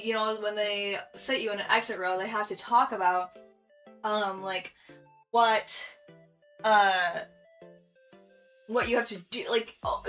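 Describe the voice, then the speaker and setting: A woman's voice: medium pitch, pushed and bright. A young woman from Michigan chatting through a vlog, giggly and full of fillers as she tells a story. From Michigan, USA. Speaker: vlogger.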